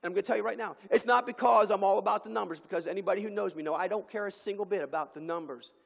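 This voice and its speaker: A man preaching a sermon as pastor in a church sanctuary, with impassioned delivery and dramatic pauses. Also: sits high, gravelly. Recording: long hall reverb.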